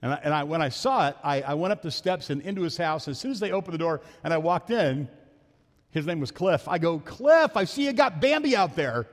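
Quick-talking preacher guy, kinda high voice, long echo from the church hall. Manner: fast-talking, joking storyteller. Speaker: pastor. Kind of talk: sermon. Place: church sanctuary.

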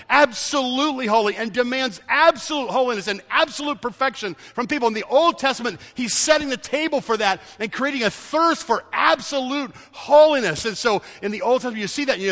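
A man delivers a sermon as pastor, his voice pitched high and ringing bright. He presses his points by repeating key words. A long reverb from the large hall trails each phrase.

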